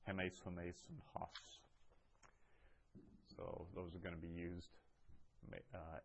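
A man teaching a language class, explaining patiently with pauses and restarts, reading phrases aloud. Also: low-pitched, lo-fi sound. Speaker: Greek teacher. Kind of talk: classroom lecture.

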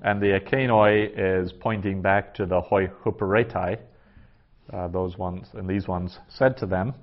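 A man teaching a class, working through a translation aloud in a halting way with many fillers. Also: low voice, fairly even intonation. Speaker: Greek teacher. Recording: dull lo-fi classroom recording.

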